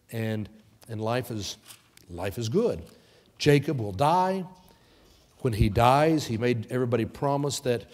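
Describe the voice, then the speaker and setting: A male pastor in a church sanctuary tells a scripture story as if he were there, throwing himself into each scene. His voice sits at an ordinary middle pitch and rings out with a long hall reverb. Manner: lively storyteller who acts out the characters. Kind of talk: sermon retelling a Bible story.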